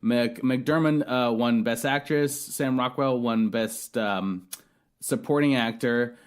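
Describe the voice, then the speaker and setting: A man's voice: mid-range voice, takes it slowly, clear, resonant tone. A man hosting a podcast, reviewing a film in casual chat, rambling and swearing with many restarts. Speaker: podcast host.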